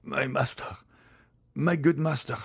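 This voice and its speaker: A man's voice: medium pitch, slow pace, husky, dry recording, clean studio sound, pitched above the performer's own voice. A male narrator voicing a faithful old manservant in agony, speaking in strained, pained pleas in a storybook reading. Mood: desperate.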